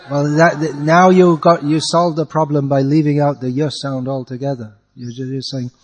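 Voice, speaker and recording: A man leads a class in chanting Sanskrit verse. He patiently corrects each mistake and chants the lines slowly as a model. His voice sits a little on the high side. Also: little pitch movement, in a large hall.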